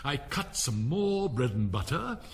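A man's voice: mid-range voice, sing-song, a little slow, long reverb tail. A man voicing an anxious, flustered hatter in a storybook reading, stammering and pleading.

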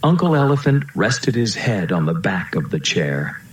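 A man narrating a children's storybook aloud in a steady, storytelling way, in a roomy-sounding recording. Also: deep voice, moderate pace, slight background noise. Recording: roomy echo.

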